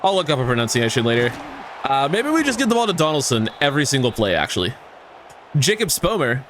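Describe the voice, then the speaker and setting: A man's voice: medium pitch, very animated, fast, fairly bright tone, slight background noise. A man giving casual gameplay commentary, swearing and ranting at the game with exasperation. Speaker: gaming YouTuber.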